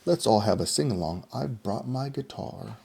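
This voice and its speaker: A man's voice: mid-range voice, expressive, moderate pace, creaky, slightly rough, voice pushed up. Christopher Pumpkin, voiced by a man, cheerful. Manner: bright, eager and friendly. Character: cheerful kind young pumpkin boy.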